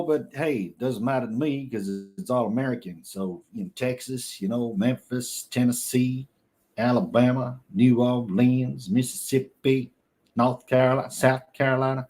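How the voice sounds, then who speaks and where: A man's voice: mid-range voice, steady tone, normal speed, warm tone. An Australian man with an Australian accent hosting a livestream, chatting casually in rambling, joking banter. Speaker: livestream host.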